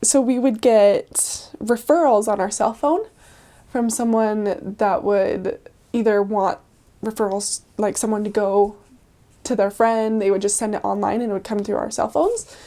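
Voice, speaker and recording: A young woman tells stories in a loose, chatty way, scattering "like" and quick laughs through her sentences. Her voice sits fairly high but sounds warm and mellow rather than bright. She speaks as a returned missionary being interviewed. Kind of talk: casual storytelling interview.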